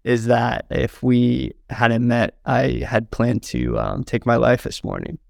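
A man's voice: medium pitch, slow, gravelly, dry recording, studio quality. A young man from southern Indiana telling a heartfelt story as an interview guest, earnest and full of "like" and "um". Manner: earnest, fills with "like" and "um", gets choked up.

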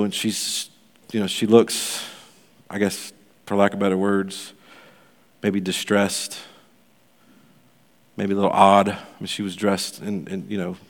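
A pastor giving a sermon, telling a story in a loose, conversational way full of fillers. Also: male voice, lowish voice, in a large hall.

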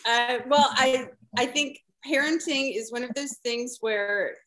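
A woman speaks at an unhurried, deliberate pace, pausing often as she works through her thoughts. She is a guest on a casual panel chat, heard over a video call. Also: on the high side, bright, forceful tone, poor audio. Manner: measured, thoughtful, halting.

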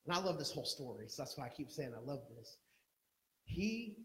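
High-voiced preacher in an echoey room. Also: male voice, big pitch swings, a little fast, a little hiss or hum. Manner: emphatic, swings from loud urgency to low intensity; acts out quoted speech. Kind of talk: sermon.

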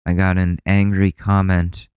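A man's voice: deep voice, completely flat delivery, unhurried, darkish tone, smooth, no echo. A man hosting a solo podcast, talking bluntly and sarcastically with plenty of swearing. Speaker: podcast host.

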